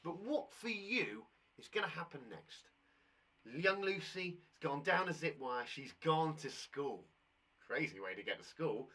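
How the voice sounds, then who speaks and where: Animated, husky British male teacher. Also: on the high side, recorded from a distance. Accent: British English. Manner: enthusiastic, talks directly to children at home, reads story aloud slowly. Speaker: primary school teacher. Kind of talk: live online lesson for children.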